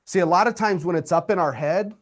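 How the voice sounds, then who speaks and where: A man, coaching real estate agents in a live webinar, energetic and direct with his audience. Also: high voice, brisk. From Indiana, USA.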